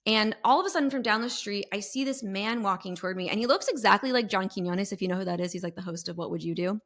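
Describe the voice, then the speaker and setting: A woman guest on a podcast, telling a story in an animated, expressive way. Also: mid-range voice, quick pace. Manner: animated, expressive, sings sound effects. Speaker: podcast guest, intuitive mentor. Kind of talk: storytelling in an interview.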